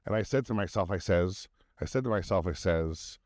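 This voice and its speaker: A man's voice: low-pitched, normal speed, no room sound, studio quality. A man in his thirties co-hosting a podcast, telling profane stories in casual chat and slipping into voices for the people in them. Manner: profane, animated storyteller doing voices. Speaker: podcast co-host.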